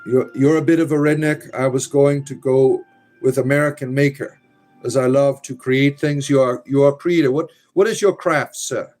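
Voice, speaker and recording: A man with a mid-range voice hosts a relaxed live stream, reading out comments and tossing off dry, wry asides. He drifts into low mutters between messages. Faint music plays in the background. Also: normal speed. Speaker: livestream host reading chat. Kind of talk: casual live-stream chat.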